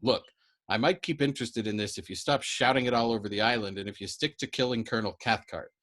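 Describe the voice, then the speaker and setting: A man's voice: medium pitch, fast talker, natural voice. A man voicing a wary, exasperated young male bombardier who talks in urgent bursts in a storybook reading. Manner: urgent, exasperated, trying to hush.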